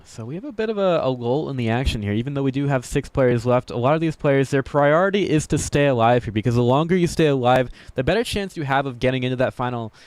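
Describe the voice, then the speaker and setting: A man calls a video game match play-by-play with upbeat energy and a running thread of self-mocking jokes. His voice is smooth and resonant at an ordinary male pitch. The recording is dry and close. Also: lively intonation, quick pace, few pauses, darkish tone, no echo. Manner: upbeat, jokey, self-deprecating, chuckles often. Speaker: esports commentator.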